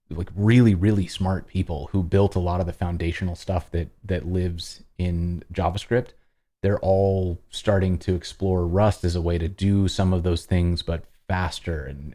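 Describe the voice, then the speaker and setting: Man, 30s, deep voice, mellow tone, livestream Q&A host, thoughtful, restarts sentences. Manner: thoughtful, rambling with restarts, acts out quoted voices. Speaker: host answering viewer questions. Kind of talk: casual livestream Q&A.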